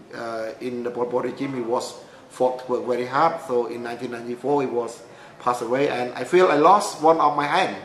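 A middle-aged man from Cambodia with a Cambodian accent, telling his life story in halting non-native English full of restarts. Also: mid-range voice, fairly even intonation, fairly bright tone. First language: Khmer. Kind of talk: personal storytelling talk. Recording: echoey room with faint noise.

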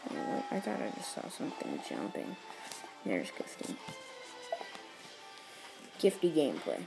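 A woman's voice: low voice, huge pitch swings, a little slow, vocal fry, over loud music. A woman giving casual game commentary as the host of a gameplay tutorial, explaining each step while she rambles and corrects herself.

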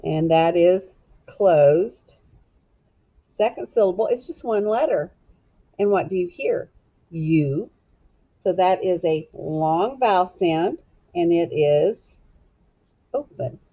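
A woman teaching young children a phonics lesson, sounding out syllables and letters slowly and gently. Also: fairly low pitch, lively intonation. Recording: dull lo-fi sound.

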